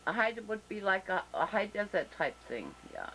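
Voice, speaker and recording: A woman with a German accent hosting a casual interview show over a video call, talking slowly and deliberately with many fillers and restarts. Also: mid-range voice, sing-song, fairly bright tone, a little hiss or hum, poor audio. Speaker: talk show host.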